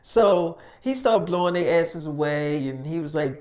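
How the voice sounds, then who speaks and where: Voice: medium pitch, lively intonation, a little slow, a little mellow. A storyteller narrating an improvised tale in casual, profane slang.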